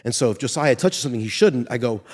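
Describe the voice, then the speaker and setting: A man's voice: medium pitch, expressive, quick pace, a little mellow. A man co-hosting a casual discussion, telling personal stories in an earnest way. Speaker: podcast co-host. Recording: reverberant room.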